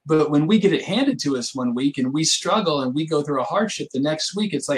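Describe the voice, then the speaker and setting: A man co-hosting a podcast, a youth soccer coach explaining his views earnestly with quick rhetorical asides. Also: a little high, lively intonation, poor audio. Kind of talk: casual podcast chat.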